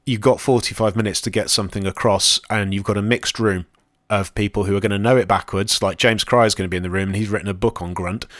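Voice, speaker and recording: A man's voice: on the low side, steady tone, fast talker, hardly any pauses, a bit bright, no echo, studio quality. A man co-hosting a podcast, chatting casually and rambling with plenty of ums and self-deprecating asides. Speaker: podcast co-host and conference speaker.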